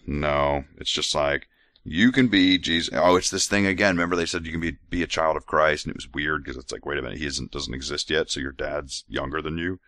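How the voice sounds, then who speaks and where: A man's voice: rumbling low, a little fast, bright, forceful tone, no echo, clean studio sound. A man hosting a podcast who reads scripture aloud in a mock-solemn voice and breaks off for sarcastic, irreverent commentary. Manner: sarcastic, irreverent, mocking asides between readings. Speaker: podcast host. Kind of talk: comedic scripture reading and commentary.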